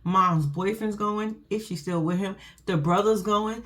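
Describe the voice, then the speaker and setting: A woman recapping a show in casual chat. She is profane and animated and keeps turning to talk straight to her viewers. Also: mid-range voice, measured pace.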